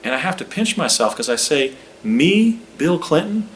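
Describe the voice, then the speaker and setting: A man putting on a folksy young male politician with a Southern-sounding drawl, pitched higher than his own voice. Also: very animated, moderate pace, a little hiss or hum, low-quality recording.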